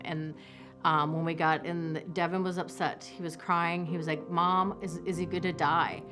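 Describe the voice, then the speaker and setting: A woman tells her family's story in a low, dark-toned voice. She speaks haltingly, restarting her sentences as she relives the moments. Soft music plays faintly behind her. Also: little pitch movement. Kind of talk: personal testimony interview.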